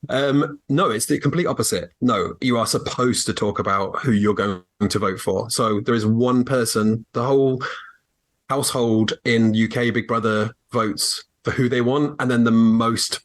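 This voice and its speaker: A man guest co-hosting a podcast who talks in a loose, rambling way. He laughs easily and leans on plenty of fillers, and his voice sits at an ordinary middle pitch. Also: moderate pace. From England. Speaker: guest co-host. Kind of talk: casual podcast chat.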